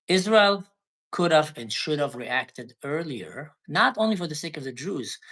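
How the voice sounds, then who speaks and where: Emotional man with a higher voice. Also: a bit bright, slightly rough. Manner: halting, breaks off and restarts when emotional. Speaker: guest. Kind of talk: emotional live-stream discussion.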